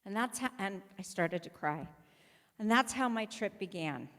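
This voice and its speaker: A woman rabbi delivers a sermon as conversational personal storytelling, acting out the voices of people she quotes. Her mid-range voice is expressive and fairly bright at a normal speed. The synagogue sanctuary gives the recording the long reverb of a large hall.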